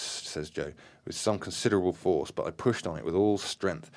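A man reading a supernatural story aloud, breaking off to comment and acting out shouted lines. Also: low voice, normal speed, few pauses. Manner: acts out shouted dialogue, many fillers and restarts.

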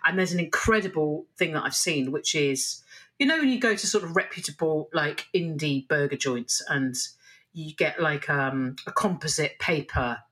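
A woman chatting as a podcast guest, rambling from one enthusiasm to the next and swearing freely. Her voice has a bright, forward tone. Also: low-pitched, moderate pace, poor audio. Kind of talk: casual chat.

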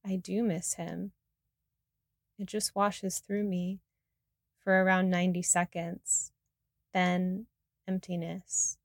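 Soft-spoken woman reading her memoir. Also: fairly low pitch, flat delivery, takes it slowly, long pauses, no room sound, studio quality. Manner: soft, reflective, intimate. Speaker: narrator. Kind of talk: reading a personal memoir aloud.

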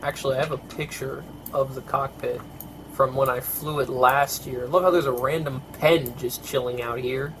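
A man's voice: medium pitch, steady tone, normal speed, noisy background. Grumbling, tired man hosting a podcast. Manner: grumbling, swears often. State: tired, yawning. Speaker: podcast host. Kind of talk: casual chat.

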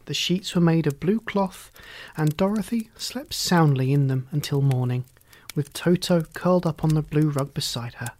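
A reader narrating a children's story in a soft, hushed, often half-whispered and unhurried way. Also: medium pitch. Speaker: audiobook reader.

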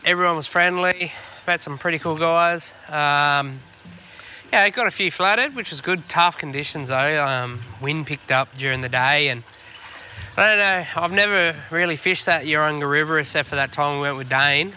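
A man's voice: fairly high pitch, normal speed, bright, forceful tone. An Australian man co-hosting a fishing podcast from a boat, chatting casually in a laid-back, rambling way and swearing freely. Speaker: podcast co-host. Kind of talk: casual chat. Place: on a boat on the water.

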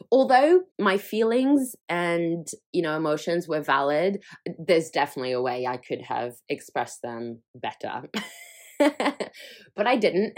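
A young woman hosting her own podcast, talking frankly and chattily, often laughing and swearing freely. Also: lowish voice. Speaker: podcast host. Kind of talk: candid solo podcast chat.

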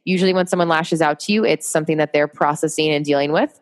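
A woman's voice: low voice, fast talker. A woman guest chatting on a podcast, upbeat and motivational, laughing often. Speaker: podcast guest, marketing entrepreneur. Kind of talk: casual interview chat.

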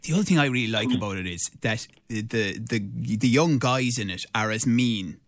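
A man hosts a relaxed radio conversation in a mid-range voice, often stopping and restarting his sentences. The studio sound is dry and close. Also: mid-range voice, no room sound. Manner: halting, with many restarts and fillers. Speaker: radio host. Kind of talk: casual radio chat.

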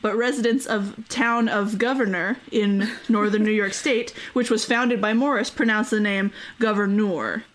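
A woman's voice: mid-range voice, fairly even intonation, moderate pace, few pauses. A woman hosting a casual history podcast. She is chatty, uses many fillers and laughs often. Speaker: podcast host.

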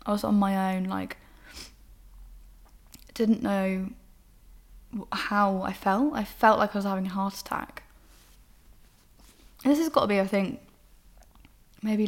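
A woman's voice: medium pitch, steady tone, unhurried, long pauses. A young woman, a podcast host candidly telling a personal story in an emotional, rambling way. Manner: emotional, rambling, frank with swearing.

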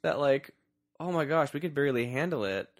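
A man's voice: a little high, animated, a little fast, no echo, clean studio sound. A man co-hosting a casual movie podcast, trading playful banter and laughing often. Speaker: podcast co-host.

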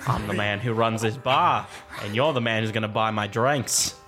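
A man's voice: fairly low pitch, moderate pace, over loud music, pitched below the performer's own voice, lightly acted. Man doing a menacing Australian barman. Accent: put-on Australian. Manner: threatening, stalls with fillers while inventing drinks. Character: menacing male bar owner with an Australian accent.

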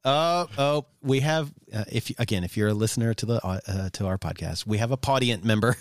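A man's voice: medium pitch, brisk, no room sound, studio quality. An American man co-hosting a podcast, joking playfully and stumbling over fillers. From United States. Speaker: podcast co-host. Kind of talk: casual podcast chat.

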